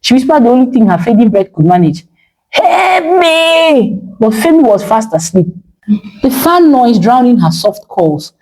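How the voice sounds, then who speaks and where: A woman's voice: on the high side, big pitch swings, normal speed, dark tone, rough recording. A woman narrating a dramatic story with emotive delivery.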